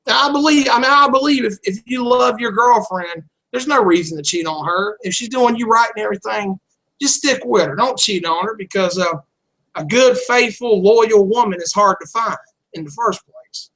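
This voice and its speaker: A man's voice: high voice, moderate pace, bright, forceful tone, rough recording. A man telling a candid personal story in casual chat, rambling and blunt, swearing freely. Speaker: channel host.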